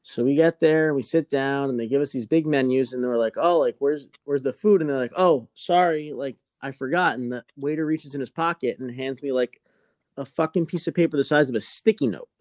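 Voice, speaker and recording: A man telling a story on a casual podcast, animated and swearing constantly, acting out the people in it. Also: medium pitch, fast talker, no echo, clean studio sound.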